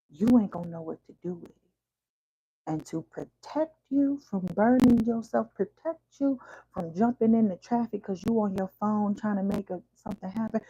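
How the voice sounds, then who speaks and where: A woman's voice: on the low side, creaky, mellow, husky, no room sound, lo-fi sound. A woman giving a casual tarot reading in a preachy, slangy way, sometimes dropping to a whisper. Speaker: tarot reader.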